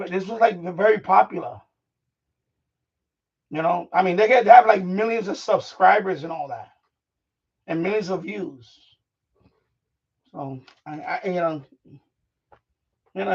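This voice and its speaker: A man's voice: high-pitched, creaky, slightly rough. A middle-aged man hosting a live stream, chatting in a rambling way full of fillers and restarts, out of breath as he tidies his home studio. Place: home studio room, moving around while tidying. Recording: distant, dull lo-fi mic.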